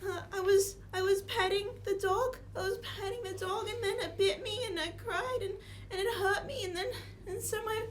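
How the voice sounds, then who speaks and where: A woman's voice: very high voice, normal speed, voice pushed up. A woman voicing a small, frightened halfling boy who stammers through tearful apologies. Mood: sobbing.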